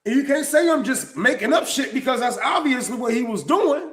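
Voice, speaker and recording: A man with a high, light voice hosts a live-stream commentary. He talks in a blunt, profane and heated way and trips over restarts, and his voice rings around a roomy, echoing space. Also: animated, brisk.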